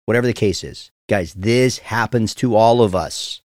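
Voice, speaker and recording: A man's voice: on the low side, normal speed, no room sound, clean studio sound. A man in his forties, a pastor teaching the Bible on a podcast in an earnest, heartfelt way, often speaking straight to his listeners.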